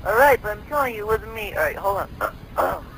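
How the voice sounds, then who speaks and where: A man's voice: high voice, expressive, brisk, a bit bright, slight background noise, poor audio. A man voicing a whiny young male caller on a prank call, indignant and accusing.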